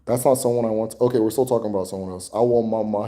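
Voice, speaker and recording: A man with a lowish, mellow voice hosts a casual livestream Q&A, answering viewers off the cuff. He rambles loosely, drops swear words and chuckles between points. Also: steady tone, racing, few pauses. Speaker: host answering viewer questions.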